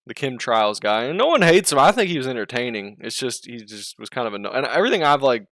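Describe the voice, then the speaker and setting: A man's voice: medium pitch, sing-song, fast talker, a bit bright, no room sound, clean studio sound. Rambling, scatterbrained male streamer. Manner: scattered, self-interrupting, swears a lot, laughs often. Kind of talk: casual rambling chat.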